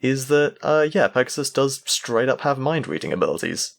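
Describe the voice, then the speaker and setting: A man with a gravelly, fry-heavy voice at a middling pitch co-hosts a casual review podcast. He talks hesitantly, with frequent restarts. He drops dry jokes along the way. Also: very animated, moderate pace. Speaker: podcast co-host reviewing an anime. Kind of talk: casual comedic review chat.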